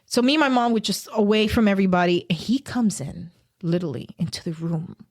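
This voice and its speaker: This woman, a podcast guest, has a medium pitch and a somewhat dark tone. Her personal story comes out earnest and halting, full of false starts.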